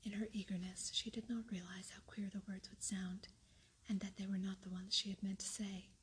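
A woman reading a story aloud in a soft, unvoiced whisper, as whispered role-play. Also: mid-range voice, level tone, fairly quick, slightly rough. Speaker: audiobook reader.

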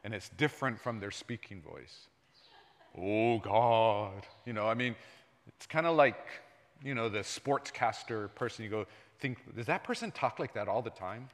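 A man preaching a sermon in a conversational way, sometimes dropping his voice low and sometimes raising it loud. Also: animated, moderate pace. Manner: conversational preaching, jumps between soft and loud. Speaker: pastor. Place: church sanctuary. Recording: long hall reverb.

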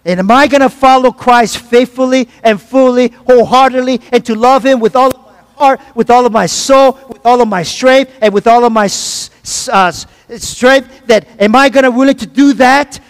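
Male pastor, high voice, repetitive, call-and-response sermon, heard off-mic in a long-echo hall. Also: moderate pace, smooth. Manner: preaching with call-and-response asides; repeats phrases for emphasis, some stumbles.

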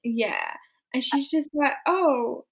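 A woman in casual chat, animated and laughing as she acts out characters' lines. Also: sits high, takes it slowly, poor audio. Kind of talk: casual chat recapping a period drama.

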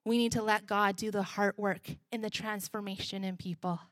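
A woman's voice: medium pitch, steady tone, moderate pace, no room sound, clean studio sound. Woman preaching with a repeated refrain. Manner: repetitive preaching refrain, emphatic then soft. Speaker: pastor. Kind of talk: sermon.

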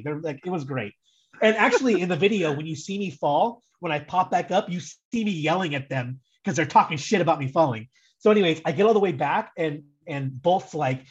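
A man's voice: on the high side, quick pace, breathy edge, highs cut off. A young American man telling a long story in a casual, rambling way, full of "like" and restarts, as a guest on a soccer fan podcast. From United States. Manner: rambling, animated, heavy use of "like".

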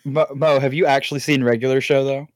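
Deadpan podcast guy ribbing his friends, mid voice. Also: medium pitch, fast talker. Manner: teasing, deadpan jabs. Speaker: podcast co-host. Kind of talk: casual chat.

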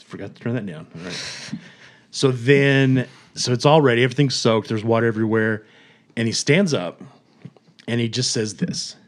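A man casually retelling a story on a podcast, animated, chuckling and acting out quotes. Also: medium pitch, normal speed. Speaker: podcast host.

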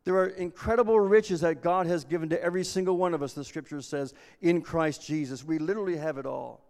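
A man's voice: fairly high pitch, fairly quick, creaky, a little mellow. A man preaching a sermon as pastor, earnest and repeating himself as he restarts phrases. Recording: long reverb of a large hall.

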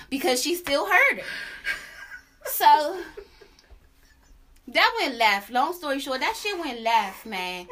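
A young adult woman hosting a podcast, telling a story in casual chat, animated and profane, with sung la la la asides. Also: high-pitched, slow pace, long pauses. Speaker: podcast host.

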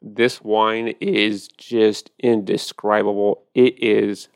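A man's voice: lowish voice, level tone, takes it slowly, clear, resonant tone, no echo, studio quality. A man hosting a podcast, chatting casually and animatedly about wine, with profane storytelling. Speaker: podcast host.

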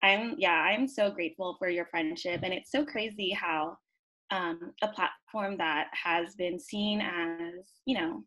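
A woman's voice: lowish voice, a little slow. Heartfelt woman podcast guest. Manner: warm, heartfelt, lots of "um" and "like". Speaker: podcast guest, event host. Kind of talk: casual podcast chat.

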